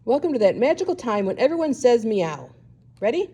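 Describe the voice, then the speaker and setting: A woman reads a children's picture book aloud with a fairly high voice and a mellow, slightly breathy tone. Her delivery is playful and animated, swinging widely in pitch as she voices animal sounds between the lines. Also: brisk. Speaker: storybook reader.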